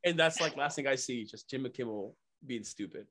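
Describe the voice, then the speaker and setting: A young man telling excited, profane stories as a podcast guest, laughing often. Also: medium pitch, a little fast. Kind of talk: casual storytelling.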